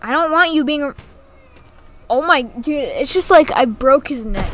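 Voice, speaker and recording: A woman talks over her gameplay in a casual, giggly way, with a high voice and an unhurried pace. She teases the game's characters and exclaims as she plays. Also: expressive, slight background noise. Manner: giggly and teasing, full of exclamations. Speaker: gaming YouTuber.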